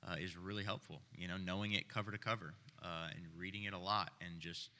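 A man with a low voice but a very bright, sharp tone speaks in a measured way as a pastor on a panel. The sound carries the long reverb of a large hall. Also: steady tone. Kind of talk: church panel discussion.

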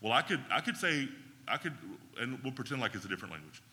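A man's voice: medium pitch, sing-song, fast, bright, forceful tone, big-room sound. A man teaching a Bible class in a conversational way, often checking in with his listeners.

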